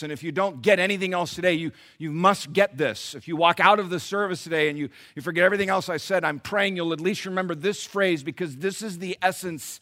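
A middle-aged male pastor preaching, his voice a little high for a man and sharply bright. He surges into loud, emphatic passages, then drops to quiet, low asides, and keeps calling out questions to the congregation. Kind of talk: sermon.

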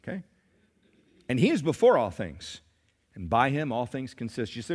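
A man preaches to his church in a mid-pitched voice, a little sick this week. He moves between stirring scripture reading and relaxed storytelling, drawing the congregation into call-and-response. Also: normal speed, long reverb tail. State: a little sick, clearing throat. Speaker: pastor. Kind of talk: sermon. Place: church sanctuary.

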